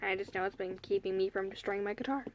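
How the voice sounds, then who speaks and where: A woman's voice: medium pitch, fairly even intonation, fast talker, slight background noise. A young woman casually telling a personal story to the camera, chatty and rambling, full of "like" and "you know". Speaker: vlogger.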